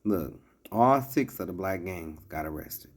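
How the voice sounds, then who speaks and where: A man's voice: low voice, lively intonation, measured pace. A man giving casual commentary as he reads out a list, breaking off into sarcastic asides and chuckles.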